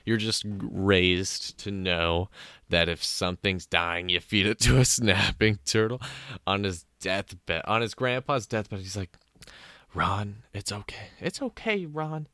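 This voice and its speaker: A man's voice: sits low, steady tone, measured pace, bright, forceful tone, smooth, no room sound, studio quality. A man hosting a podcast alone, riffing sarcastically in a casual comedic monologue and acting out bits in put-on voices. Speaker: podcast host.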